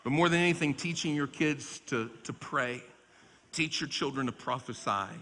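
A man in his forties preaching a revival sermon, swinging between loud exhortation and quiet storytelling. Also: mid-range voice, moderate pace, slight background noise. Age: 40s. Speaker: pastor. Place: large church sanctuary. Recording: long church hall reverb.

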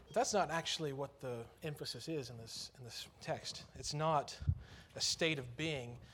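A man's voice: mid-range voice, normal speed, fairly bright tone, slight background noise. A man preaching a sermon in church, earnest and conversational, lifting his voice on key phrases.

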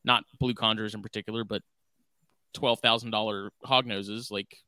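A man's voice: on the low side, fairly even intonation, normal speed, sharp tone, clear, resonant tone, no room sound. A man co-hosting a podcast in casual chat, talking bluntly with a lot of filler words. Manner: blunt, sweary, lots of "like" fillers. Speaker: podcast co-host.

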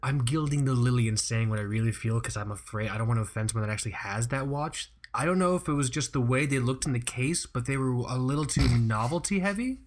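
A man's voice: mid-range voice, fast talker, few pauses. Laid-back, swearing male podcast host. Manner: loose, profane, laughing banter. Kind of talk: casual chat.

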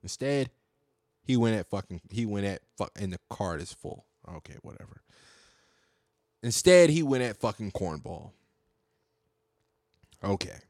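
A man's voice: fairly low pitch, lively intonation, a little slow, pauses often, a little mellow, no room sound, clean studio sound. A young man hosting a podcast solo, talking in a heated, profane, rambling way. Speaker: podcast host. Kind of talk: casual monologue podcast.

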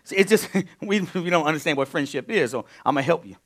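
Male pastor, high and bright, animated teaching sermon with emphatic swells. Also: quick pace. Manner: animated preaching, swings from quiet asides to loud emphatic bursts.

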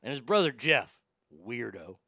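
Gravelly, profane man telling stories. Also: medium pitch, measured pace, no room sound, clean studio sound. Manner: profane, blunt, animated storyteller. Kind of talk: casual storytelling chat.

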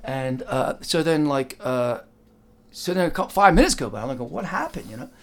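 A man's voice: medium pitch, sing-song, normal speed, gravelly, a bit bright, a little hiss or hum. An older man telling a casual, rambling anecdote, full of "like" and "you know" and acting out the other voices in his story. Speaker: storyteller recalling working as a driver.

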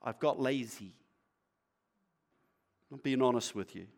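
A male pastor preaching in a conversational, playful way, asking the congregation questions and sometimes dropping to a quiet, earnest tone. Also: measured pace, vocal fry. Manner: acts out a shopkeeper's sales pitch. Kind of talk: sermon.

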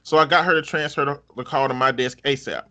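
Male host, bright forceful voice, wry and profane story reader. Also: mid-range voice, steady tone, fast talker. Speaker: podcast host reading online stories. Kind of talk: casual story reading.

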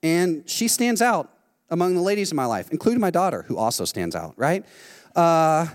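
Man, sermon, animated storyteller, slightly high voice, long hall reverb. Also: normal speed. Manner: animated storytelling, acting out quotes. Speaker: pastor.

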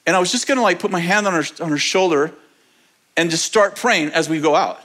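A man telling a testimony story in a sermon, animated and often laughing as he talks. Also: high voice, a little fast. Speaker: preacher.

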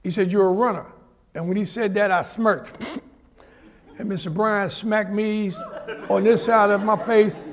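An older man from Harlem, New York, a former Olympic sprinter, tells vivid stories as a guest at a live event in a large auditorium, acting out the people in them with their own voices. His voice is high with a gravelly edge, and he speaks a little slowly with fairly even intonation and long pauses.

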